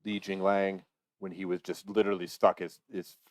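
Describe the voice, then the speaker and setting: Deep-voiced man co-hosting a fight podcast. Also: level tone, moderate pace, no room sound. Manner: opinionated, acts out fighters' lines. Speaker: podcast co-host. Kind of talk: casual chat.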